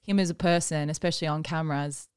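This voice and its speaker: A young woman co-hosting a podcast, easygoing and quick to react in casual chat. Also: sits low, steady tone, a little mellow, smooth. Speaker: podcast co-host.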